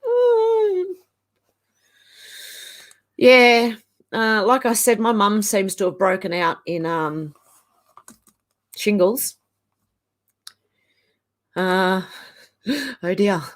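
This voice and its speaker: Slow-talking Australian woman reading chat. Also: medium pitch, fairly even intonation, fairly bright tone. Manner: reads viewer comments aloud, chuckles often. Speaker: livestream host reading chat. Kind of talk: casual chat.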